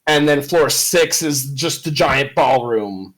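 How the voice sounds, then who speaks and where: A man playing in a tabletop game, talking hesitantly with frequent pauses. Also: medium pitch, expressive, a bit bright. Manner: hesitant, with many "uh"s. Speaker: player.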